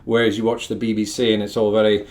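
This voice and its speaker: A man's voice: on the low side, flat delivery, fast, darkish tone. A young man from the North of England, hosting a casual chat to camera with wry, self-deprecating asides. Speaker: host.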